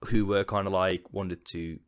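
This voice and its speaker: A Finnish-accented man co-hosts a relaxed podcast chat, his voice on the low side. He delivers his jokes deadpan, between easygoing remarks. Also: unhurried, clear, resonant tone. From Finland. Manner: deadpan joking. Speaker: podcast co-host. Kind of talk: casual chat.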